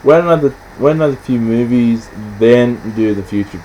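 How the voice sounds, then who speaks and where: A man's voice: medium pitch, warm tone, a little hiss or hum, poor audio. Rambling man chatting about films. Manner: rambling, halting, many restarts and fillers; acts out scenes in quick quoted voices. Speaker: podcast host. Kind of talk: casual film chat.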